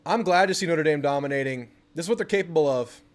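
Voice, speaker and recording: A young man hosting a live football watch party, chatting casually about the game and bursting into excited yelling at the TV on big plays. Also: on the high side, quick pace. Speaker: sports channel host.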